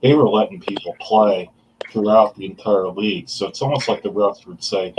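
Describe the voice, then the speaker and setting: A man's voice: on the low side, moderate pace, a little mellow, lo-fi sound, slight background noise. A man hosting casual sports talk, blunt and profane, laughing often. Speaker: host.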